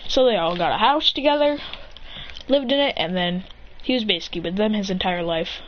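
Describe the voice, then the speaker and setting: A woman telling an improvised fan story in a rambling, excitable way, full of restarts and mouth sound effects. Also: medium pitch, brisk. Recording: dull lo-fi with faint hiss.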